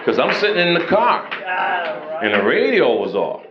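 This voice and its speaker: A man's voice: on the high side, normal speed, a crowd in the background. Brash, crude comedian in his sixties. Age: 60s. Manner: brash, crude, animated storytelling. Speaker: stand-up comedian. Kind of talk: stand-up comedy. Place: comedy club stage. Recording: roomy, muffled club sound. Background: loud audience laughter and noise.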